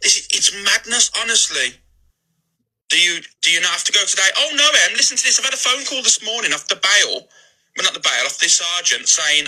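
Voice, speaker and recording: A man's voice: sits high, sing-song, brisk, pushed and bright, low-quality recording. A man ranting defensively on a live stream, agitated and swearing often. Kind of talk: heated live-stream rant.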